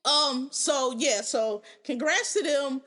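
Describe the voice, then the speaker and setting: A woman hosting a podcast, giving animated, profane, opinionated commentary in casual chat. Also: high-pitched, slow. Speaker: podcast host.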